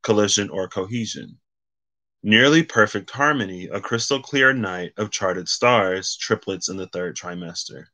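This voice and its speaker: Brief: man, somewhat low pitch, forceful bright edge, rambling casual card reader. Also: measured pace. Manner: rambling, self-correcting, reads card meanings aloud. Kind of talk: casual solo card reading.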